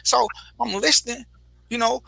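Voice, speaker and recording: A man with a very bright, forceful voice talks bluntly and emphatically, swearing freely in casual panel talk. The sound is dry and close. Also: very high-pitched, fairly even intonation, moderate pace, vocal fry, no room sound, poor audio. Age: adult father. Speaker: panel guest.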